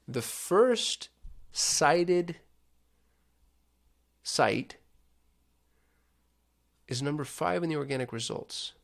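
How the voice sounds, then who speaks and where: A man's voice: a little high, animated, drawn-out words, vocal fry, pauses often, fairly bright tone. A man hosting a casual screen-share walkthrough on digital marketing, thinking aloud with chatty asides.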